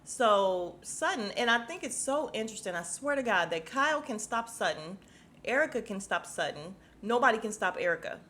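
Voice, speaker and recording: Blunt, animated woman recapping reality TV. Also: medium pitch, normal speed. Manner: blunt, profane and animated, acting out the cast's lines. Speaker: podcast host.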